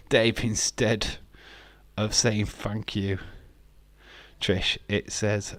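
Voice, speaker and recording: A man's voice: on the low side, little pitch movement, drawn-out words, pauses often, a bit bright, no echo. A man hosting a live wrestling watch-along, chatting casually in a sarcastic, joking way and swearing freely.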